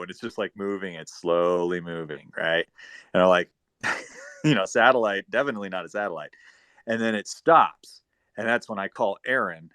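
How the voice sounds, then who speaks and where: A man telling a long, rambling story in casual talk, profane, swinging between loud bursts and quiet asides. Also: low voice, normal speed, dry recording.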